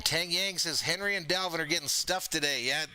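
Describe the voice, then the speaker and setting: Excitable high-voiced male fan streamer. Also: fairly quick, poor audio. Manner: excitable, jokey, hyping plays. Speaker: fan streamer doing live game play-by-play. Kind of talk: casual live play-by-play with chat reading. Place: home streaming setup.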